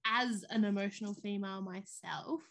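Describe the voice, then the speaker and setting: A woman's voice: medium pitch, moderate pace, a bit bright. A woman, co-hosting a podcast in casual chat, telling stories animatedly and acting out the voices of people she quotes. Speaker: podcast co-host.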